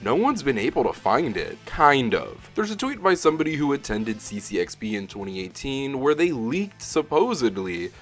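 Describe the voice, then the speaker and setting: A man's voice: mid-range voice, very animated, moderate pace, few pauses, soft background music. A man narrating a scripted video essay as the channel host, sarcastic and incredulous. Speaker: YouTube host.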